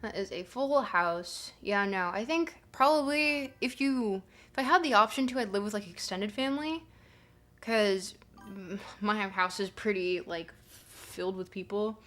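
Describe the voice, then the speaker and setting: In a measured, mid-range voice, a young adult woman streaming live reads chat and talks casually with her audience. Fillers fill her rambling, and she breaks off into excited, playful bursts.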